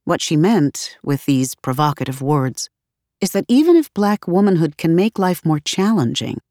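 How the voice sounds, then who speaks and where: A woman reading her own audiobook aloud in a measured, deliberate narration. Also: sits low, expressive, mellow, dry recording, clean studio sound.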